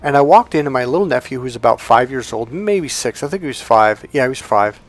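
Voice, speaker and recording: Speaking in a loose, casual monologue, a dating coach tells a meandering story from his own life, switching to a high voice to imitate others. He sounds animated and keeps a brisk pace.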